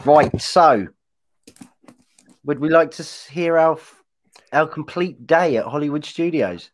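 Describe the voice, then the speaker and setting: A man's voice: a little high, expressive, unhurried. Chatty man hosting a casual podcast. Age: young adult or older. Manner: chatty, rambling storyteller who trails off and restarts. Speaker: podcast co-host. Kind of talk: casual chat.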